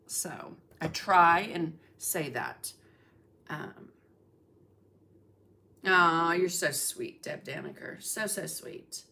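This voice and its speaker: A woman's voice: on the low side, animated, takes it slowly, bright, forceful tone. A middle-aged woman hosting a casual art livestream, chatting and greeting viewers by name with lots of fillers. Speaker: livestream host, art instructor.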